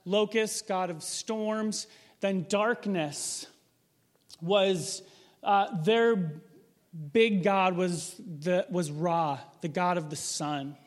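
A man's voice: high-pitched, drawn-out words, long reverb tail. A man preaching a sermon in a casual, conversational way, asking the room rhetorical questions. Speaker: pastor.

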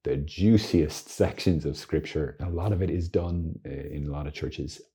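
A man, a priest, giving an informal teaching talk, earnest and lively with joking asides. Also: extremely low pitch, moderate pace, breathy edge. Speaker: Catholic priest.

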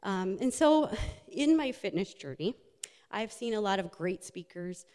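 A woman's voice: mid-range voice, lively intonation, unhurried, mellow. Earnest woman speaker in an echoey hall. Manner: earnest, personal, with fillers and laughs. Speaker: speaker, health and wellness coach. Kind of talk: motivational talk with slides.

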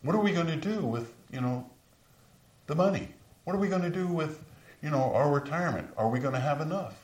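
This preacher, a man in his sixties, sounds animated, brisk, and slightly mellow. He tells stories during his sermon and raises his pitch to drive points home, his distant voice echoing around the room.

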